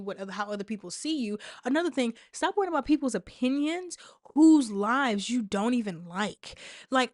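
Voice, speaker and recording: A motivational vlogger with a fairly high voice speaks directly to the camera, emphatic and repetitive, tossing in sassy asides. The audio is clean studio sound with no echo.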